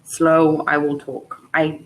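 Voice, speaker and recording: A woman with a British accent tinged by Australian and South African sounds, chatting casually as an English tutor on a video call, telling stories with lively laughter. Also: deep voice, slow pace, slight background noise, low-quality recording. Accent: British blended with Australian and South African. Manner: chatty, laughing, animated storyteller. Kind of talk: casual chat.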